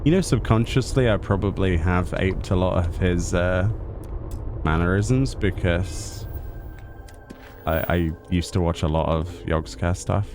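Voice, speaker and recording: A man's voice: sits low, measured pace, music in the background. A man giving casual commentary while streaming a game, with wry, self-mocking asides. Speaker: gameplay streamer. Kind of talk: casual let's-play commentary.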